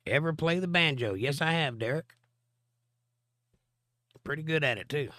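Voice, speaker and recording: A man's voice: on the high side, animated, moderate pace, pushed and bright, dry recording, studio quality. A man with laryngitis hosting a live stream, reading viewer comments aloud and answering them with long Bible explanations. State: hoarse from laryngitis. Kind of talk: casual live-stream chat and Bible teaching.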